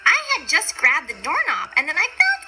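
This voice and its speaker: A woman's voice: sits high, wildly swooping pitch, normal speed, rough recording. A woman doing a rambling, aggrieved big bad wolf. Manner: rambling asides, defensive and aggrieved. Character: self-pitying male big bad wolf, chatty. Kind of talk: storybook reading for kids. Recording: music playing underneath.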